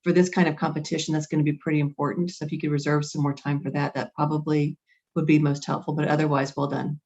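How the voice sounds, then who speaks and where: A woman, a commercial litigator on a judging panel, giving measured, warm feedback. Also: deep voice, flat delivery, lo-fi sound.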